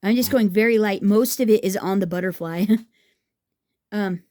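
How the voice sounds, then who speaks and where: Mellow-voiced enthusiastic woman crafter. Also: mid-range voice, normal speed. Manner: chatty, enthusiastic, thinking aloud with restarts. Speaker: craft vlogger. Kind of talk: casual craft tutorial chat.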